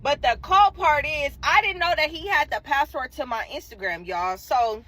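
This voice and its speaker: A young woman telling a dating story in casual, profane, animated talk, acting out quotes. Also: sits high, moderate pace, no echo, rough recording.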